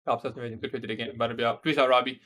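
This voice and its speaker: Young male streamer, laid-back and conversational, reads chat aloud, mid-pitch everyday voice. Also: fairly even intonation, rapid-fire, sharp tone. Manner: casual, says "bro" often, laughs at odd questions. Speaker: day trader livestreaming. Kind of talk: casual livestream chat reading viewer questions.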